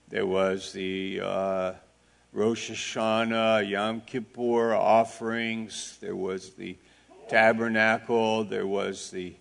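A man preaching a sermon, slow and deliberate, asking his listeners rhetorical questions and speaking plainly with asides to them. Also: lowish voice, vocal fry, fairly bright tone. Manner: plain-spoken, with asides and audience back-and-forth. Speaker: pastor.

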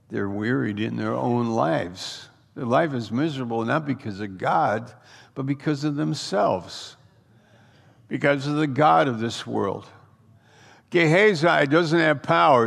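Gravelly preacher in an echoing hall. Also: male voice, medium pitch, a bit bright. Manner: preaching with rising intensity and repeated rhetorical questions. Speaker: pastor. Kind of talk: sermon. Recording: long reverb of a large hall.

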